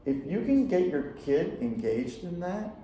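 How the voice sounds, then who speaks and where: A middle-aged man, a psychotherapist, giving a casual workshop talk to parents, telling animated anecdotes and acting out quoted lines. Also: high voice, unhurried, a little hiss or hum. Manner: anecdotal, animated storytelling with acted-out quotes and laughter. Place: school room with audience. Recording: echoey room recording.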